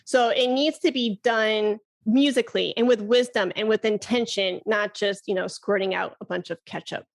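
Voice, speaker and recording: A woman's voice: mid-range voice, normal speed, vocal fry. A woman flute teacher and podcast guest, talking enthusiastically and laughing often in a casual chat.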